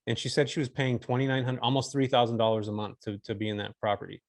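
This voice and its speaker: A man's voice: mid-range voice, flat delivery, fast, no room sound. A man in his forties from California, a podcast guest telling a story in a laid-back, slangy way. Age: 40s. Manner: laid-back, slangy, says dude and bro. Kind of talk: casual storytelling interview.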